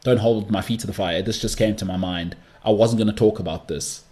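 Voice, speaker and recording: Low-voiced chatty man hosting a podcast. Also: fairly even intonation, fairly quick, dark tone. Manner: chatty, mocking, rambling asides. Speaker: podcast host. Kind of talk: solo podcast monologue.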